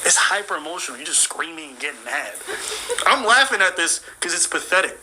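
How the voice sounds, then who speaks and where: A man's voice: a little high, sing-song, brisk, bright, forceful tone, poor audio. A man delivering a profane, mocking comedic rant as a commentator.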